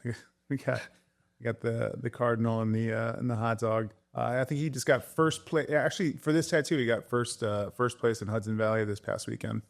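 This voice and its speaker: A man's voice: mid-range voice, fairly quick, vocal fry. Man, tattoo artist guest, casual chat, swears, laughs a lot. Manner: animated storyteller, swears, laughs often.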